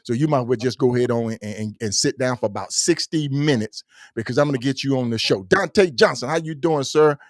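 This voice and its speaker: A man hosts a motorcycle podcast with eager, repetitive enthusiasm, calling out listeners one after another. His voice sits at an ordinary middle pitch. It sounds dry and close, with little room echo. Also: a little fast. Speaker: podcast host. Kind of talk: casual podcast chat.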